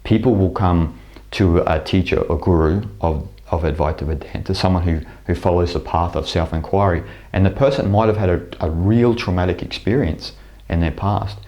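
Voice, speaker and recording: A man's voice: low voice, moderate pace, darkish tone, muffled recording. A man giving a reflective spoken talk on spirituality, with frequent fillers and restarts. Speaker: spiritual teacher. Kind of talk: spoken lecture to camera.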